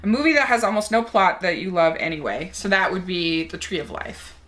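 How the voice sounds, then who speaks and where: Bright-voiced chatty young woman. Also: on the low side, fairly quick. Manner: chatty and enthusiastic. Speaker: movie reviewer. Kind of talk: casual chat answering a movie tag.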